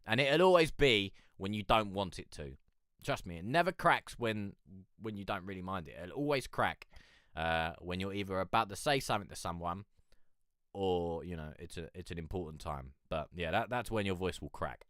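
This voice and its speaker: A man's voice: low-pitched, animated, moderate pace, fairly bright tone, no echo, studio quality. A young man with a cold, hosting a music review stream in rambling, profane, chummy casual chat. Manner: rambling, profane, chummy, calls listener mate. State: has a cold. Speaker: music review show host. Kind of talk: casual chat reacting to submitted tracks.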